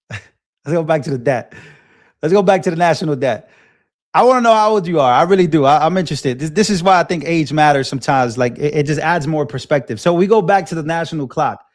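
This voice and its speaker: A man in his twenties hosting a livestream, talking in an impassioned, animated way and often repeating himself while answering chat. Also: fairly high pitch, brisk. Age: 20s. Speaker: livestream host.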